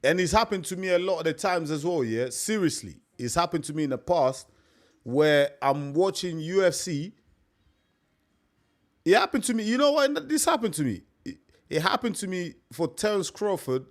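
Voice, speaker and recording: A man's voice: on the high side, sing-song, normal speed. A young man hosting a live stream, chatting casually and repeating himself, calling his listeners mate. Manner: chatty, repetitive, peppers talk with "mate".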